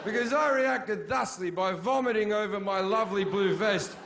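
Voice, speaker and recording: A middle-aged man doing stand-up, his voice pitched fairly high for a man. He tells a story in a crude, brash way and jumps into yelled quotes at the punchlines. A faint hiss sits under the stage mic. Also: moderate pace, creaky. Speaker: stand-up comedian. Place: comedy stage before a laughing audience.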